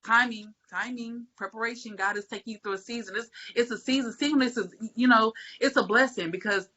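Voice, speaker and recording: A woman's voice: a little high, brisk, sharp tone. A woman, talking on a faith podcast in an emphatic, preachy way and repeating phrases for stress. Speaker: podcast panelist. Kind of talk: casual faith talk. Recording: muffled lo-fi audio.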